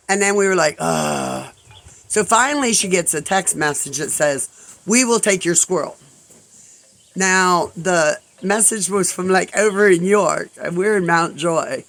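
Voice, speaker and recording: A man's voice: high-pitched, a bit bright, rough recording. A man in his fifties telling a casual story in a rambling way, full of asides and acted-out quotes. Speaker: vlogger.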